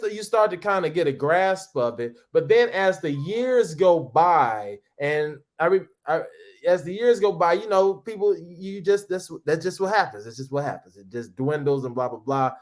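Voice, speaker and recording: A man in his thirties, an interview guest, telling stories in a casual, animated way, acting out other people's voices and often restarting his sentences. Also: on the high side. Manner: animated, acts out quoted voices, frequent restarts. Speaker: interview guest, former reality TV cast member.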